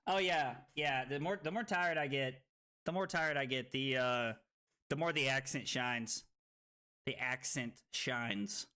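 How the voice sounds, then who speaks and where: A man streaming a card game, tipsy and rowdy, swearing, laughing and shouting with excitement. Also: mid-range voice, measured pace, clear, resonant tone. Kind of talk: rowdy drunk livestream chat.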